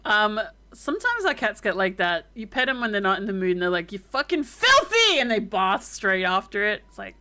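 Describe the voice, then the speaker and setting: A woman with an Australian accent, streaming casual reaction commentary with exclamations, free swearing and quick stories. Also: mid-range voice, animated, sharp tone. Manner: exclamatory, swears freely, storytelling.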